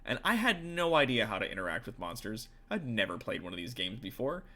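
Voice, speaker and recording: A man's voice: fairly low pitch, big pitch swings, fairly quick, pushed and bright. A man, a tabletop game master and streamer, chatting casually with viewers in a rambling, profane way full of fillers.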